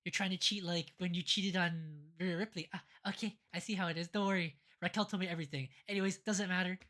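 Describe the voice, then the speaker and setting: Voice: medium pitch, fairly even intonation, fast talker, a bit bright, lightly acted. A podcast host putting on a smug, teasing female wrestler in a mocking retelling.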